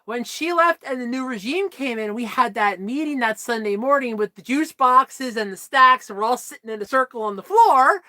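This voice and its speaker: A woman vlogger telling stories in a casual chat, animated, swearing freely and laughing often. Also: on the high side, moderate pace, few pauses, dry recording.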